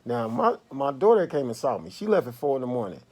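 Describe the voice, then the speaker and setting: A man vlogging from a hospital bed, telling a casual, animated story to his viewers. His voice swings from low murmurs to loud outbursts. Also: fast. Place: hospital room.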